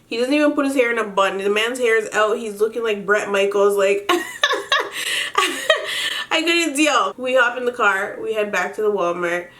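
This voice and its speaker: A young woman chatting to her viewers while doing her makeup at home, telling a story in an animated way, laughing often and swearing casually. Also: medium pitch, brisk, few pauses. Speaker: beauty vlogger.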